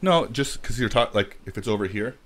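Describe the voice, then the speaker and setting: A man hosting a casual podcast, telling a story in a rambling, animated way. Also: fairly low pitch, brisk. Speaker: podcast host. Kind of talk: casual chat.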